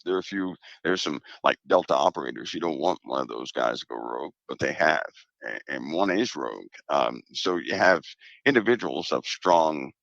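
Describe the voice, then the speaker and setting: A man speaking as a guest in a casual conversation, measured and emphatic, often repeating his point. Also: a bass voice, vocal fry, fairly bright tone, no echo, highs cut off.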